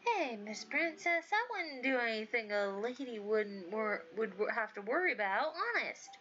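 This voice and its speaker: A woman's voice: fairly high pitch, lively intonation, normal speed, a bit bright, slight background noise, pitched below the performer's own voice. A woman voicing a smug, teasing young man in a visual novel, with a very nasal voice and a sly manner. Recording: dull lo-fi audio, faint music.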